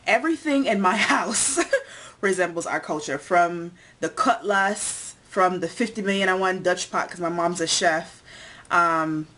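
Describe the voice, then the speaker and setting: This young vlogger, born in the United States, speaks at a measured pace in a fairly low, pushed and bright voice. She chats casually through a tag video, naming things one at a time with many fillers.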